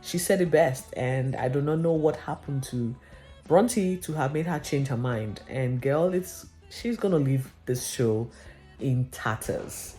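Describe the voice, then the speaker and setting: Chatty vlogger with a mellow voice. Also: mid-range voice, a little slow, faint music behind. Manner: chatty and gossipy, often says "literally". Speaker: reality TV recap vlogger. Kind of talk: casual TV episode recap.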